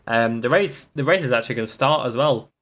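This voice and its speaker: A man's voice: medium pitch, fairly quick, fairly bright tone. A man hosting a casual motorsport podcast, rambling and tripping over his words. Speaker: podcast host.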